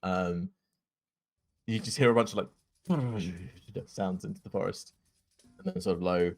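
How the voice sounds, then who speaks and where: A man's voice: deep voice, unhurried, gravelly. A man running a tabletop game as game master, narrating with lots of fillers and laughter.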